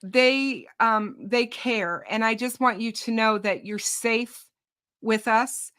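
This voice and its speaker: A woman hosting a true crime channel, talking on a livestream over a video call in a reassuring way, slowly and with hesitations. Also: a little high, fairly bright tone. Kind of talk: casual livestream chat.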